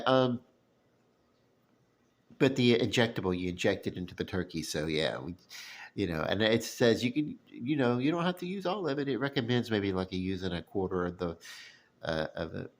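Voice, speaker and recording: A man with a Louisiana Southern accent chatting casually about holiday cooking, halting with many fillers and restarts. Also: deep voice. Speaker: vlogger. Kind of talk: casual rambling chat.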